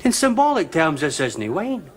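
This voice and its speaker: A man's voice: a little high, wildly swooping pitch, moderate pace, background noise. An actor playing a sarcastic Scottish barman who talks in a wry, mock-reasonable way. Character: smug, sarcastic male barman. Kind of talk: sitcom acting.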